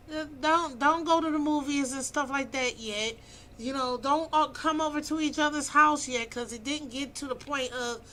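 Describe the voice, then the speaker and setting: A woman in her fifties lectures bluntly and preachily, her voice high and bright with a sharp edge. She talks into a phone in a room at home, and a faint hiss of ambient noise sits under her voice. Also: low-quality recording. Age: 50s. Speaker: vlogger giving dating advice. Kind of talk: casual opinionated monologue.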